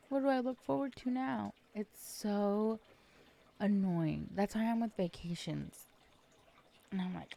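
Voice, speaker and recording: Slow, gravelly-voiced woman chatting casually. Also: mid-range voice, mellow. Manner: chatty, rambling, self-deprecating, many fillers. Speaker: podcast host. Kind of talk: casual solo podcast chat.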